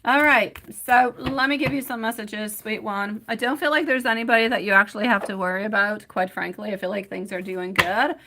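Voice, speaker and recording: Speaking a little fast with few pauses, a woman with a medium-pitched, sharp voice reads tarot on a live stream over slight background noise. She's affectionate and talkative, calling viewers "sweetie" and "my love" and singing snippets as she shuffles the cards.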